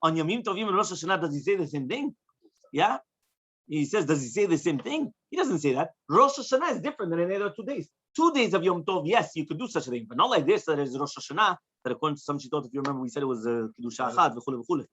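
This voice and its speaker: A man with a fairly high voice rattles through a Talmud class at a brisk clip. He translates phrase by phrase and checks in with his students as he goes. The dull, lo-fi recording sounds like a class taped in the room. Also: expressive, fairly bright tone, slightly rough. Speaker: rabbi teaching Talmud. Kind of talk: Talmud study lecture.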